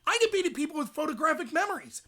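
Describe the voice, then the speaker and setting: A young adult man hosting a livestream, ranting in rapid, emphatic commentary. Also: very high-pitched, big pitch swings, bright, forceful tone. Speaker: host.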